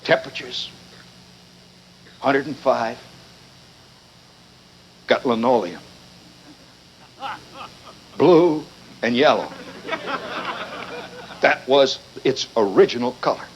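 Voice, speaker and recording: A man's voice: medium pitch, slow, pauses often. A man from Indiana telling a wry, digressive humorous monologue to a live audience, captured in a muffled 1970s live recording. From Indiana, USA. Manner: wry, digressive, mock-indignant. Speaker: storyteller performing for a live audience.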